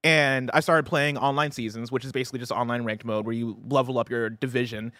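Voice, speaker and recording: A man's voice: medium pitch, steady tone, fast talker, fairly bright tone, no echo, studio quality. A young man co-hosting a podcast in casual chat, telling stories animatedly, with frequent swearing and "right?" tags. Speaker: podcast co-host.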